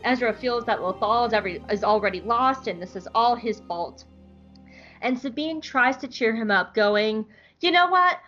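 A woman's voice: on the high side, normal speed, fairly bright tone, soft background music. A woman co-hosting a podcast, recapping an episode in blunt, profane, sarcastic casual chat. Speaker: podcast co-host. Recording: dull lo-fi podcast audio.

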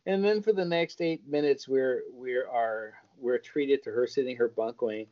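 A man co-hosting a podcast, retelling scenes in a lively, crude comic way. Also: medium pitch, normal speed, hardly any pauses. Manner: lively storytelling, crude jokes. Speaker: podcast co-host. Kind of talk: casual comedic chat. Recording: dull lo-fi podcast audio.

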